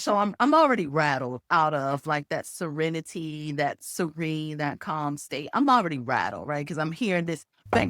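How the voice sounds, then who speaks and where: A woman's voice: deep voice, normal speed, hardly any pauses. A middle-aged woman telling a personal story to camera, acting out sounds and voices as she goes. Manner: expressive storyteller who acts out sounds and voices. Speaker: video host and former HR executive.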